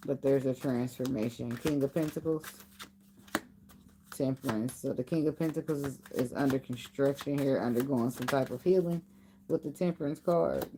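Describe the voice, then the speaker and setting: Deep-voiced lady doing a chill tarot reading, blunt, cusses a bit, cards shuffling and clicking in the background. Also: moderate pace, noisy background. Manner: loose, blunt, swears casually, thinks aloud. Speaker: tarot reader. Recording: card shuffling and clicks behind the voice.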